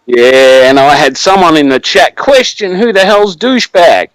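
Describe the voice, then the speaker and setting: A man's voice: on the high side, lively intonation, normal speed, dry recording, low-quality recording. A man with an Australian accent, calling in to a live show for a casual chat and swearing freely in laid-back slang. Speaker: caller.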